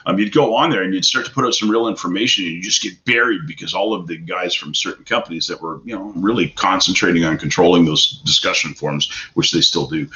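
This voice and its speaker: A man's voice: low-pitched, bright, forceful tone, lo-fi sound. A middle-aged man hosting a casual question-and-answer show, blunt, profane and pushy like a salesman. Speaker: host of a hot tub advice show. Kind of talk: casual live Q&A talk.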